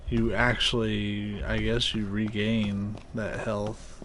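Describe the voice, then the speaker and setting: A man's voice: lowish voice, flat delivery, slow pace, a bit bright, slight background noise. Nasal-voiced man commentating a game. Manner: casual, profane, chatty. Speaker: streamer. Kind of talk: live gameplay commentary.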